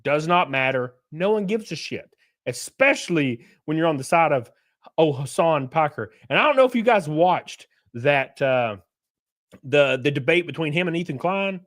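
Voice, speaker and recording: A man's voice: a little high, animated, normal speed, fairly bright tone. A young man hosting a livestream, talking in a blunt, profane and rambling way. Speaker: livestream host. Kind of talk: casual commentary stream.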